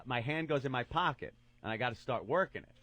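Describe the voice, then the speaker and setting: A man co-hosting a radio show in casual chat, telling a crude story in an animated way and acting out the quotes, on a studio microphone. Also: mid-range voice, fast, dry recording.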